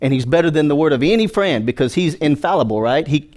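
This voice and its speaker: Lively, fairly high-voiced male preacher. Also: fast. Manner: animated, joking, call-and-response with congregation. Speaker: pastor. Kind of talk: sermon.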